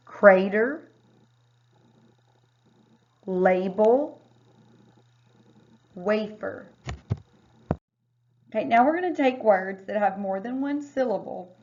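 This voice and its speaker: Slow, careful woman teaching phonics. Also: mid-range voice. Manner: slow, careful word-by-word sounding out. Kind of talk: recorded phonics lesson. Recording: dull lo-fi recording.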